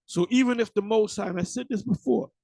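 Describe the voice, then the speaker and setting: A man's voice: high voice, quick pace, vocal fry, darkish tone, no room sound, low-quality recording. A man preaching informally, blunt and profane, often restarting and repeating words.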